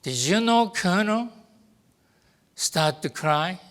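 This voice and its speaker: Slow, clear older man. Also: high-pitched, animated, fairly bright tone. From Japan. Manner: deliberate, acts out quoted dialogue. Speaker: guest speaker. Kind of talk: personal storytelling to an audience.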